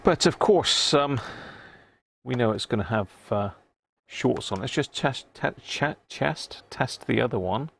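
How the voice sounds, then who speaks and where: Gravelly and slightly rough, yet fairly bright, his mid-range voice carries lively intonation at an unhurried pace. He's hosting a casual live stream while repairing a vintage radio, chatting with viewers, responding to chat, and muttering as he tests parts at his electronics workbench.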